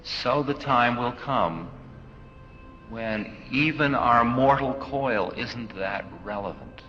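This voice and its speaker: A man teaching a spiritual talk, musing and playful as he acts out little scenes. His tone is bright and forceful. The recording is dull and echoes through a hall, with a faint hiss underneath. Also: medium pitch, lively intonation, takes it slowly.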